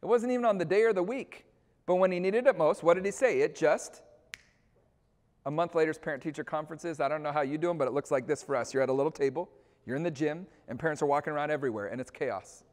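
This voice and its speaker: A middle-aged man with a fairly high voice, telling a story to a room of teachers and acting out the scenes. The sound is a big school hall with a long reverb behind each sentence. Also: fast talker. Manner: animated storyteller, acts out scenes. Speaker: staff trainer.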